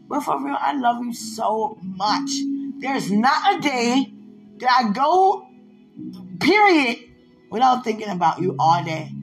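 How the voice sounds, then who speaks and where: A fairly high-voiced woman talks to someone she loves in a loose, teasing monologue. Her delivery is animated, moving from soft murmurs to loud excited bursts and frequent laughter. Faint music plays behind her. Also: poor audio. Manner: playful, laughing often, teasing and affectionate. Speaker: vlogger addressing a loved one. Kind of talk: casual heartfelt monologue.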